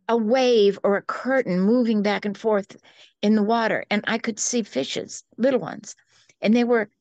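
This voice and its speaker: An older woman telling a personal story as an interview guest, earnest and unhurried, with small restarts. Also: mid-range voice, vocal fry, darkish tone, dry recording.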